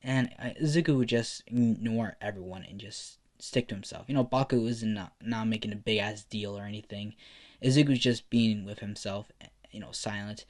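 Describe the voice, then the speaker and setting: A man's voice: on the low side, moderate pace. A man with a slight lisp narrating a fan story casually, rambling with lots of fillers.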